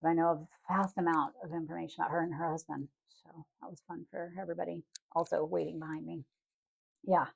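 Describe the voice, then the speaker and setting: A woman's voice: on the low side, flat delivery, fast, creaky, breathy edge, dull audio. A middle-aged woman co-hosting a podcast, chatting casually, telling stories and swearing freely. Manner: storytelling, swears freely, acts out quotes. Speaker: podcast co-host. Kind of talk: casual chat.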